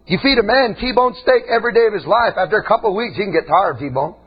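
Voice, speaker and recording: A man preaching a sermon with passion, his voice rising to shouts and dropping low again. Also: lively intonation, fast talker, slightly rough, lo-fi sound. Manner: impassioned, shouting, swinging between loud and quiet.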